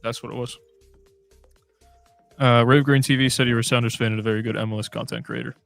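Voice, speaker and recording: A man's voice: medium pitch, fairly even intonation, fast, gravelly, soft background music. A man hosting a casual fan livestream, reading chat comments aloud in a chatty, scattered way.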